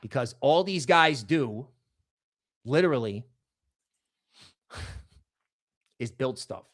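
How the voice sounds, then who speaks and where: A man's voice: mid-range voice, animated, very slow, a bit bright. A man hosting a crypto livestream, talking casually and emphatically, with frequent restarts. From New York area.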